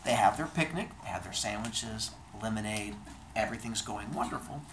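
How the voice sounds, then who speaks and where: Animated man telling myths, echoey room. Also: lowish voice, normal speed, background noise. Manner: animated, playful and chatty. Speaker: storyteller. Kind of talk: casual comedic storytelling of myths.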